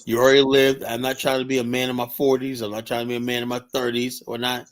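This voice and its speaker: A man's voice: mid-range voice, completely flat delivery, fast. Blunt man in his late fifties. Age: late 50s. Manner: blunt, rambling, repeats "and whatnot". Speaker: show host. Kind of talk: casual streamed chat.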